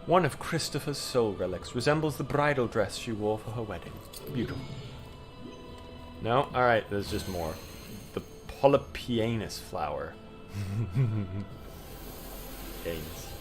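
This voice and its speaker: Excitable swearing gamer guy. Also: fairly low pitch, slow pace, long pauses, over music. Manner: excitable, swears, yells at the game. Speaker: gamer streamer. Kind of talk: casual gameplay commentary.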